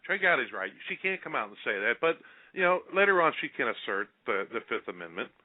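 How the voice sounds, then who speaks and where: Blunt rambling talk host, phone sound. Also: male voice, medium pitch, very animated, a little fast, narrow, tinny audio. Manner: blunt, rambling, repeats words. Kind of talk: casual political talk.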